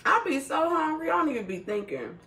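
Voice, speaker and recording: A woman's voice: high-pitched, very animated, fairly quick, fairly bright tone, distant mic. A woman in her thirties swings her voice all over as she jokes and laughs her way through a casual eating chat. Her voice sits a little off from the mic, with faint noise behind her. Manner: laughs often, loose and salty.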